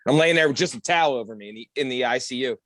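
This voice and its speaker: A young man hosting a podcast, telling crude stories in an animated way with loud outbursts. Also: medium pitch, very fast, no room sound. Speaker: podcast host. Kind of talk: casual chat.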